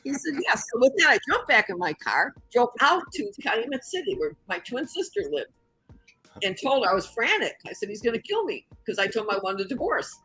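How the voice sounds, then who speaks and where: An older woman from the Chicago area, a guest in an interview, telling a story with lively acted-out voices. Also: fairly high pitch, fairly quick, husky, faint music behind, low-quality recording. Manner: animated storyteller who acts out the voices in her story.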